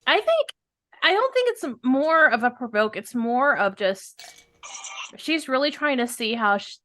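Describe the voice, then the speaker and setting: A woman's voice: high-pitched, sing-song, measured pace, fairly bright tone. A woman playing a tabletop game, talking casually and rambling with many fillers. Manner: rambling, laughs often. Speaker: player.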